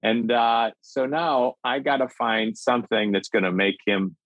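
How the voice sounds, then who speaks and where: A middle-aged man from Minnesota, a comedic actor and filmmaker, telling an animated anecdote and acting out the voices. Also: mid-range voice, a little slow, dry recording, muffled recording. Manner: acts out voices in his anecdotes, excitable. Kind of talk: animated storytelling. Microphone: video call.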